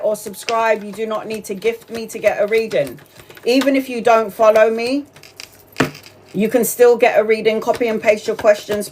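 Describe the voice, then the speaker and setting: Woman, tarot reader on a casual live stream, talkative, swears and laughs freely, faint background noise. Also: medium pitch.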